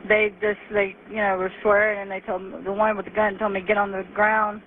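A woman's voice: medium pitch, little pitch movement. Shaken woman clerk on a phone line. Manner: shaken, hesitant, halting. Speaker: store clerk, robbery victim calling 911. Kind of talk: emergency phone call. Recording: tinny phone line with faint hiss.

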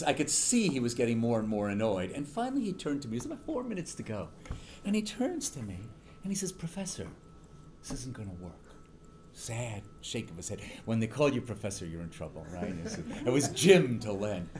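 A man's voice: medium pitch, very animated, brisk, noisy background. A middle-aged man, a political science professor, giving a university lecture and telling stories with many ums and restarts.

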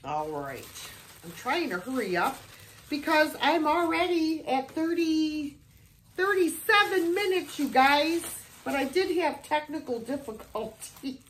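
A woman's voice: sits high, animated, a little slow, fairly bright tone, a little hiss or hum. A middle-aged American woman chatting casually in a vlog, gushing and exclaiming over each thrift find. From United States. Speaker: thrift haul vlogger.

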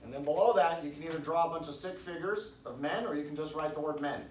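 A man preaching a casual sermon in a church, rambling with restarts and loud emphatic bursts. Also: on the high side, fast talker. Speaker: pastor. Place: church hall. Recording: echoey room, distant mic, faint background noise.

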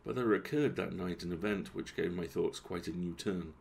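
A man reading a classic story aloud as a bedtime story, in a calm, measured, gravelly voice. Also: low voice.

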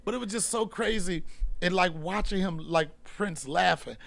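Animated, gravelly man telling stories. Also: high-pitched, normal speed. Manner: animated, profane, acts out scenes with loud bursts. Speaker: comedian host. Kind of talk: casual storytelling.

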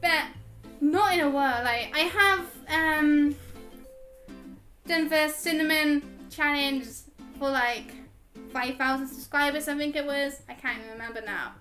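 Soft music plays behind a woman gaming YouTuber whose high voice is bright and forceful and a little slow. Casually working through viewers' questions, she giggles a lot and fills gaps with ums.

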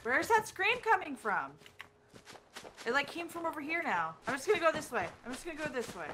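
A woman gamer in casual voice chat, excitable and joking as she plays. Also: high-pitched, fairly quick, slight background noise.

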